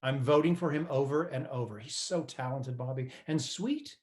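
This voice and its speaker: A fussy, defensive elderly mother who lives on TV and cookies, as a man puts her on in a stage monologue. The voice sits a little higher and livelier than a plain middle-range tone. She sounds prickly and guarded. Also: moderate pace, lightly acted. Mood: gushing.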